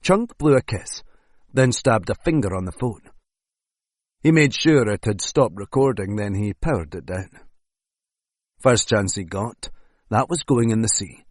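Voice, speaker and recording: Unhurried male audiobook narrator. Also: on the low side, husky, no room sound. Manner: even, unhurried storytelling. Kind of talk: scripted narration. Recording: dry close studio sound.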